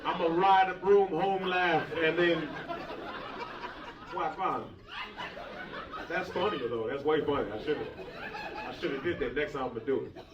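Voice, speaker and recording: Guy doing standup crowd work, high lively voice, roomy club sound from far off, crowd roaring. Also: moderate pace, long pauses, noisy background. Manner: loud, playful, animated, laughing often. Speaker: stand-up comedian. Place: comedy club stage. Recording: roomy live club audio from a distance, dull. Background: loud audience laughter.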